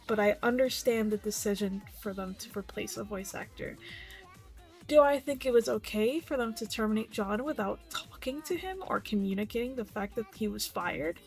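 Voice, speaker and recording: A woman's voice: mid-range voice, moderate pace, darkish tone, soft background music. A woman vtuber giving casual, blunt commentary, swearing freely and reading posts aloud.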